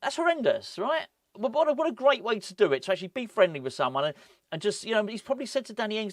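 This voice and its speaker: Chatty man, bit high, dry sound. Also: quick pace, no echo. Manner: rambling, animated, self-interrupting with laughs. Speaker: football fan channel host. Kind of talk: casual opinion vlog.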